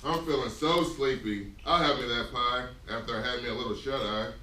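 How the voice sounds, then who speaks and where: A man playing a slow, blustering giant who fumbles his words in a stage skit. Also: mid-range voice, sharp tone, slight background noise, lightly acted. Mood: grumpy. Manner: slow, bumbling, forgets his lines. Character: dim-witted, blustering male giant. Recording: echoey room from far off.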